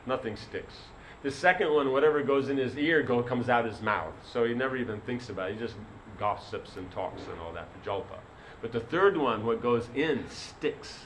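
A man's voice: medium pitch, a little hiss or hum, low-quality recording. Brief: man teaching a sermon, loose and rambling, mid-range voice. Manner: rambling, many fillers like "you know". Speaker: spiritual teacher. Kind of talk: sermon with a told story.

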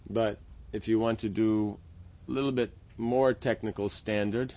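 A man's voice: lowish voice, fairly even intonation, measured pace, a little mellow, muffled recording. A man teaching the steps of a temple worship ritual, explaining patiently and often checking with "right?". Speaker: religious teacher. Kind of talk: instructional talk on temple worship.

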